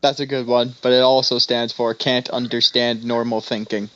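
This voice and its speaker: A man's voice: mid-range voice, little pitch movement, moderate pace, fairly bright tone, dry recording, lo-fi sound. A young man co-hosting a podcast in casual chat, telling rambling stories full of fillers. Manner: rambling storyteller, many fillers. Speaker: podcast co-host.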